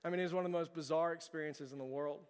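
A young adult man preaches a sermon in a church, chatty and conversational, often putting questions to the congregation. His voice sits a little high for a man. The sound carries a long reverb tail from the sanctuary. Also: fairly even intonation, very fast, clean tone. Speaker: pastor.

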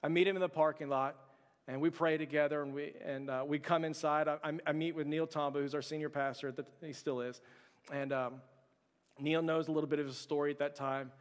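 A man's voice: a little high, level tone, fairly quick. A man preaching a sermon, telling a personal story in an earnest way, often restarting his sentences. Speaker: pastor. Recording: long hall reverb.

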